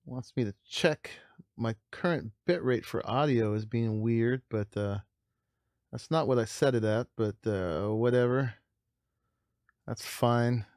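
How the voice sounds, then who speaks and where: A man streams a video game, offering relaxed, rambling commentary with frequent chuckles as he plays. His voice is medium-pitched and slow-paced, in a dry recording.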